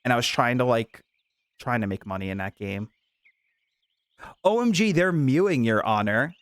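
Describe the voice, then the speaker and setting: Animated, giggly male streamer. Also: medium pitch, normal speed, clean tone, no echo. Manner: animated, giggly, chatty with viewers. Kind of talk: casual game stream chat.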